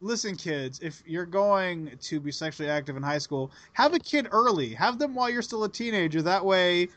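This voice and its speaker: A man's voice: high voice, animated, normal speed, pushed and bright, dry recording. A man hosting a casual podcast, joking crudely and laughing often. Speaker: podcast host.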